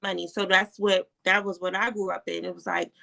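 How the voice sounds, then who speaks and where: A woman guest on a livestream talk, speaking candidly and quickly, laughing between points. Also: fairly low pitch, little pitch movement, creaky, pushed and bright. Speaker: guest, social worker.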